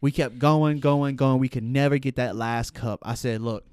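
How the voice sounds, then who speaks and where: Laid-back young man, smooth slangy chat. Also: mid-range voice, steady tone, normal speed, darkish tone, no room sound. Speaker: podcast co-host. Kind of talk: casual chat.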